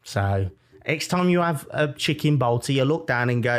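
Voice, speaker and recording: Young Brummie man, podcast co-host, animated and jokey, mid-pitched. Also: unhurried. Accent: Birmingham. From Birmingham, England. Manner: animated, jokey storytelling with mock-defiant asides. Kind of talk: casual chat.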